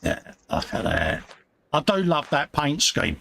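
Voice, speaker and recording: A man's voice: medium pitch, wildly swooping pitch, measured pace, gravelly, bright, forceful tone, a little hiss or hum. A man co-hosting a casual livestream, bantering and reading out viewer comments. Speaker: live stream co-host. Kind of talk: casual chat.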